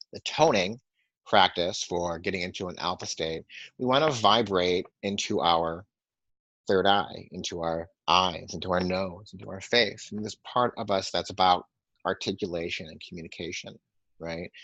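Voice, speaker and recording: Calm and deep-voiced, this male meditation and sound healing teacher gives guided breathing and toning instruction, soft-spoken and counting slowly. The webinar microphone produces dry, muffled sound with no echo.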